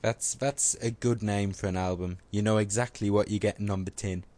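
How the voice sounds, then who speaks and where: A man's voice: lowish voice, fairly even intonation, moderate pace, darkish tone. A man co-hosting a podcast in casual chat, joking and self-mocking. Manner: joking, self-mocking, puts on funny voices. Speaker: podcast co-host.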